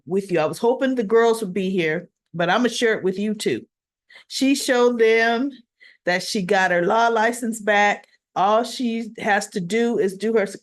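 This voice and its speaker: A woman casually recapping a soap opera episode, retelling the scenes in a chatty way and voicing bits of the dialogue. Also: a little high. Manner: chatty, acts out dialogue in quotes.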